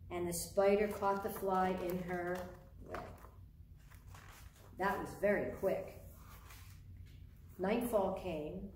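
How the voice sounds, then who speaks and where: A woman reading a picture book aloud for a children's storytime, expressive and asking her young listeners questions along the way. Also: on the low side, takes it slowly, long pauses, a little hiss or hum. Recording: roomy sound from a distant mic.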